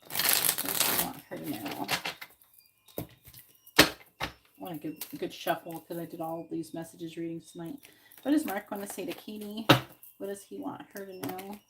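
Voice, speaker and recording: A woman runs a live tarot reading in a blunt, defensive way and swears freely. While she shuffles she repeats her questions over and over in a chanting rhythm. Loud constant noise sits under her voice. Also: fairly low pitch, steady tone, unhurried, pauses often. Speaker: tarot reader.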